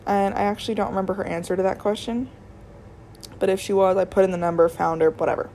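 Chatty young woman with vocal fry. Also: mid-range voice, fairly even intonation, quick pace, dark tone, a little hiss or hum. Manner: chatty and rambling, many "like" fillers, restarts. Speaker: retail worker telling work stories. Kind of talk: casual storytime vlog.

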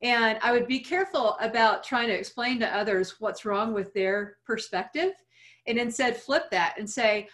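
Calm higher-voiced woman coach. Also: normal speed. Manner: calm, explanatory, uses analogies. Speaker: coach answering listener questions. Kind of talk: advice podcast chat.

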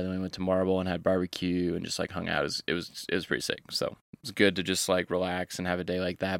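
A young man with a deep, smooth voice works through a story the way he talks off the clock, full of slang and loose asides. He is a fishing guide recording a podcast, and the sound is close and dry. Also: dry recording. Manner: laid-back, rambling with casual slang.

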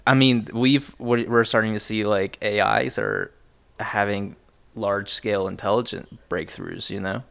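A man's voice: lowish voice, fairly even intonation, normal speed, creaky, a bit bright, clean tone. A young man hosting a podcast in casual banter, laid-back and swearing freely. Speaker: podcast host.

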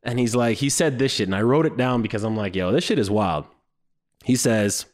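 A man reviewing a series in a loose, joking way, swearing freely and mocking what he saw. His voice sits in an ordinary middle pitch but leaps high when he does impressions. He talks in a lively, conversational way. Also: a little fast. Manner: animated, profane, mocking, jumps into high squeaky voices when quoting. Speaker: show reviewer. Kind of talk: casual comedic commentary.

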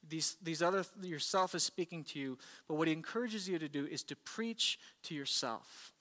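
A man's voice: a little high, pushed and bright. A man preaching a sermon as pastor, earnest and conversational. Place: church service. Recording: long hall reverb.

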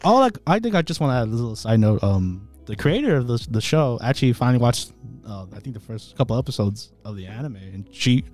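A man's voice: medium pitch, very animated, quick pace, a little mellow, faint music behind. A man co-hosting a casual podcast, talking animatedly and gushing, with frequent laughs. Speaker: podcast co-host. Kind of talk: casual chat.

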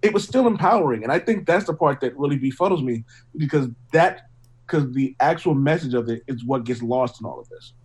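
A man's voice: mid-range voice, lively intonation, a little fast, breathy edge, poor audio. A man talking through his opinions in casual chat, rambling with lots of fillers. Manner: rambling, lots of "like" and "you know what I mean". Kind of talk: casual discussion.

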